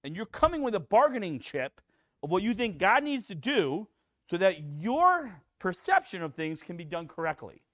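A man preaching a sermon in a conversational way, with fillers like "you know" and "kinda", who rises into animated acted-out quotes. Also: high voice, normal speed, dry recording, studio quality. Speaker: pastor.

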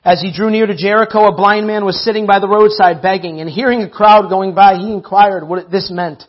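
A man's voice: high-pitched, steady tone, fairly quick, highs cut off. A man preaching a sermon, emphatic, repeating phrases and calling out to the church.

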